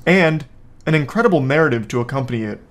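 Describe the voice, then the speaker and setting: A man's voice: medium pitch, animated, fast. A man giving casual reaction commentary on a video from home, sarcastic and joking with rambling asides.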